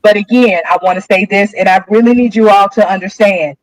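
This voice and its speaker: Woman, live-streamed lecture, conversational teacher, checks in with listeners, rereads definitions, mid pitch, dry close sound. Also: fairly even intonation, fairly quick, no room sound, poor audio. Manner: checks in with the audience often. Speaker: lecturer presenting a livestreamed session.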